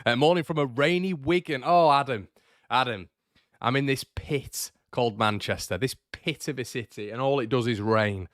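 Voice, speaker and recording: A young man hosting a casual morning football fan show, chatty and energetic, repeating words for emphasis while answering viewer comments. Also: medium pitch, normal speed, few pauses, no room sound, studio quality. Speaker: football fan channel host.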